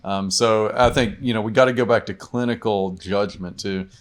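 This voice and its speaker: A man's voice: lowish voice, steady tone, normal speed. A man, a doctor and podcast guest, chatting casually and telling stories in which he acts out the people he quotes. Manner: storytelling, acts out quoted patients.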